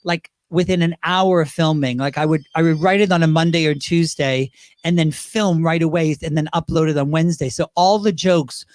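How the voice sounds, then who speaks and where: Chatty drag performer, dry sound. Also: male voice, fairly high pitch, moderate pace, dry recording. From Great Britain. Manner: chatty, rambling, slips into impressions. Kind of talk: casual interview storytelling.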